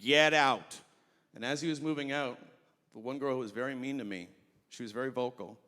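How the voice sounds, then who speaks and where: A male stand-up comedian telling an animated story on a festival stage through a handheld mic. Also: medium pitch, fast. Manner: animated, acts out voices. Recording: long reverb of a hall.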